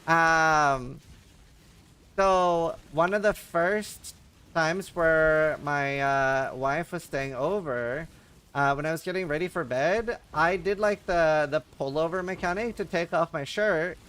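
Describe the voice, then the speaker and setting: Casting note: a male streamer with a slightly high voice, telling loose anecdotes in casual chat, swearing freely and laughing at his own jokes. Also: slow pace, fairly bright tone, smooth. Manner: rambling, profane, laughs at own stories. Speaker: livestream host.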